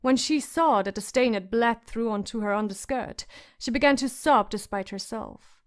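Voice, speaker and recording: A woman narrating a fantasy audiobook in a measured storytelling manner. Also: a little high.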